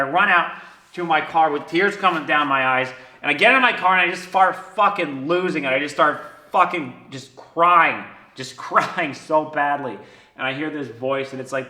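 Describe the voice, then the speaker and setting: A man with a flu telling a personal story in a casual way. He swears a lot, laughs between lines and swings from loud to hushed. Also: fairly high pitch, normal speed. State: sick with a flu. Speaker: online business coach telling his story. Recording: echoey room.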